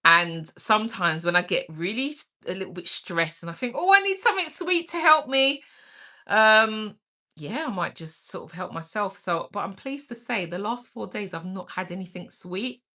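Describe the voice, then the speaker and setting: A woman's voice: on the low side, moderate pace, sharp tone. A middle-aged woman hosting a casual livestream, reading chat aloud, greeting viewers by name and laughing often. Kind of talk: casual live-stream chat.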